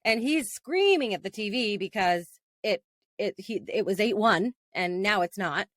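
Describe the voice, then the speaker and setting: A woman, co-hosting a podcast as a casual, animated storyteller who laughs often. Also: medium pitch, a little slow, no room sound, clean studio sound. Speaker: podcast co-host. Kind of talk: casual chat.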